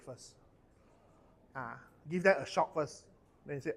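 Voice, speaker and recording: A man's voice: a little high, moderate pace, long pauses. A middle-aged man with a Malaysian English accent leading a corporate training workshop, chatty and loose, dropping lah and lor at the end of his sentences.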